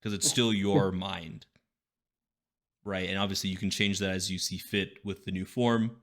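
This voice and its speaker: A man with a deep, low voice runs a tabletop game as game master. He narrates scenes slowly and loosely, with plenty of fillers along the way. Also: steady tone, fairly bright tone. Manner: slow descriptive narration with many fillers.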